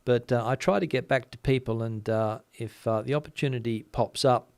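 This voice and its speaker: A man from Western Australia with a softened Australian accent, hosting a casual chat, reading out viewer comments and talking quickly with lots of fillers. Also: mid-range voice, gravelly, no echo. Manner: chatty, many fillers, talks fast. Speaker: channel host.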